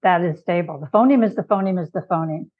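A woman's voice: fairly low pitch, fast. A middle-aged woman from Chicago, a guest expert, patiently explaining ideas with examples in conversation. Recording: tinny phone-like call audio.

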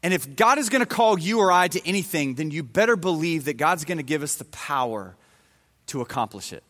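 A man's voice: fairly high pitch, lively intonation, fairly quick, a bit bright. A man preaching a sermon, retelling a Bible story in a casual, conversational way with everyday slang. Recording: long hall reverb.

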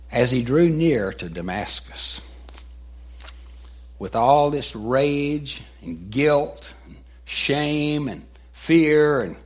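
Slow, husky male preacher. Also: lowish voice. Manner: dramatic, retelling with voiced quotes. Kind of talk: sermon storytelling.

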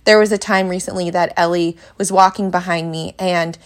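A young woman with a slightly low voice chats frankly about parenting as a podcast host. She talks casually and bounces into a brighter, higher voice when she quotes someone. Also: steady tone, normal speed. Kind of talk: casual chat.

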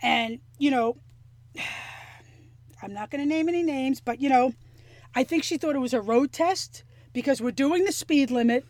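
A woman telling a story in casual chat, animated and profane, acting out the things people said. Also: high voice, moderate pace, dry recording. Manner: animated, profane, acts out quotes.

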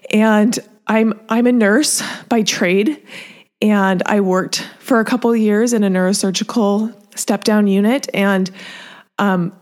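A woman's voice: medium pitch, darkish tone. Earnest woman sharing a personal story. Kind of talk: personal testimony.

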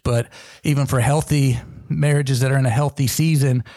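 A man's voice: medium pitch, a little mellow, dry recording, studio quality. A man co-hosting a Christian marriage podcast, explaining Bible passages in an earnest, casual way with wry jokes. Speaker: podcast co-host. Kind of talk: casual teaching chat.

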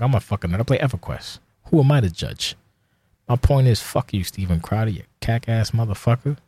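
Solo podcast host, male, low voice, dry close sound, profane heated rant. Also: darkish tone, no room sound.

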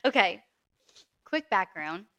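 A woman's voice: medium pitch, sing-song, pushed and bright. A woman in her twenties from New Orleans with a New Orleans accent, co-hosting a podcast in a chatty, giggly manner. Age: 20s. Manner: chatty, giggly, quick back-and-forth. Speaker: podcast co-host. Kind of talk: casual chat.

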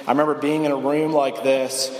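A man's voice: medium pitch, little pitch movement, brisk. A young man giving a sermon as a campus minister, conversational and self-deprecating, often restarting his sentences. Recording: echoey hall reverb.

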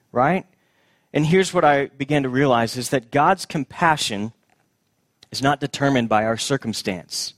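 A man preaching a sermon as pastor, earnest and repeating his key phrases, dropping soft and low at tender moments. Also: dry recording, studio quality.

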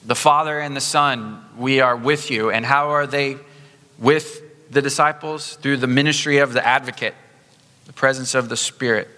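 A man preaching a sermon as pastor, conversational in tone, slowing down to stress key points. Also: medium pitch, steady tone, pushed and bright, big-room sound. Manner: conversational, slows down for emphasis. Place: church sanctuary.

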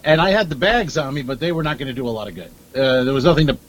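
A man's voice: mid-range voice, expressive, racing, dull audio. A man co-hosting a comedy podcast, telling stories in a dry, rambling way with lots of asides. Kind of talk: casual comedic chat. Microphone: earpiece at a desk.

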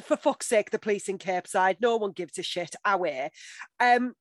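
A woman co-hosting a casual recap podcast, sweary and quick to laugh. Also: medium pitch, dry recording, studio quality. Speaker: podcast co-host.

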